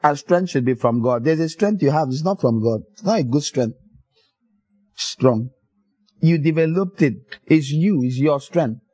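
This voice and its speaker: Animated preacher man. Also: fairly high pitch, measured pace, breathy edge, dry recording, low-quality recording. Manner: animated storytelling, acts out voices with laughter. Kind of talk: sermon.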